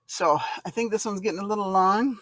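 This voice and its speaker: A woman telling a personal story in a casual, lively way, acting out the dialogue and laughing often. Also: mid-range voice, fairly quick, no room sound.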